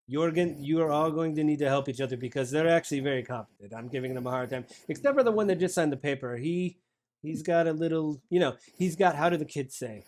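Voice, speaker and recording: A man's voice: on the high side, lightly acted. A man voicing a flustered female shopkeeper and potion maker who stammers and keeps asking the listener to hang on.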